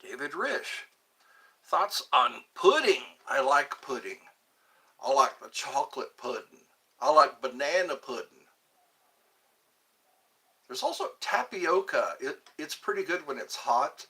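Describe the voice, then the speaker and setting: Livestream host, man, lively sing-song delivery, unhurried, trips over his words. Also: fairly high pitch, breathy edge. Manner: chatty, animated, stumbles and repeats words. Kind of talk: casual live-stream chat reading viewer comments.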